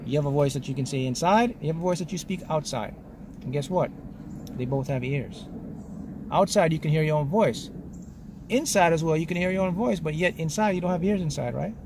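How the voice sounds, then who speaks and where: A man's voice: on the high side, a little fast, background noise. A man giving a motivational talk as a spiritual mentor, speaking in short, emphatic statements and often checking in with "okay?". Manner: lectures in short punchy statements.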